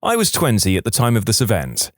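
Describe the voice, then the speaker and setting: Lively male story narrator, dry close sound. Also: on the low side, fast talker, no echo. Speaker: narrator reading listener stories. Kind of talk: scripted narration.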